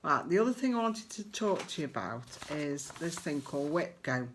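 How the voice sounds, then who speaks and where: A woman's voice: sits low, big pitch swings, brisk, slight background noise. Chatty English woman crafting vlogger. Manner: rambling, friendly, lots of fillers and asides to the viewer. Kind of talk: casual chatty vlog.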